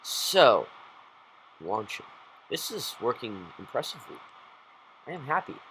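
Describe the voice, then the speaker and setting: A man giving rambling, excitable gameplay commentary as a YouTuber, talking straight to his viewers. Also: medium pitch, unhurried, slight background noise, poor audio. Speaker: gaming YouTuber.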